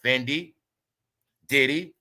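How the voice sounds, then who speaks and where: A man's voice: mid-range voice, takes it slowly, bright, forceful tone. A man hosting a heated celebrity gossip commentary, swearing and repeating himself as he lectures his viewers. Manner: heated, swearing, repetitive and preachy. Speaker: commentary channel host.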